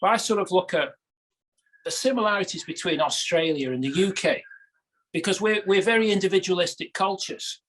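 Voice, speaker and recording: British male guest, high voice, quick jokey banter, casual chat. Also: a bit bright. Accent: British English. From Britain.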